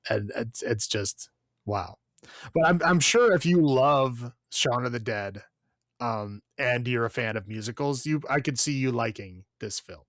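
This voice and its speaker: A man's voice: medium pitch, lively intonation, measured pace, a bit bright, no echo, studio quality. A man co-hosting a podcast, giving a blunt, profane, rambling movie review with lots of fillers. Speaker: podcast co-host. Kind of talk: casual movie review chat.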